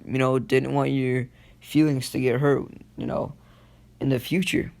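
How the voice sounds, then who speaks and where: A man's voice: mid-range voice, flat delivery, a little slow, vocal fry, a little mellow. A man doing a smug scheming devil.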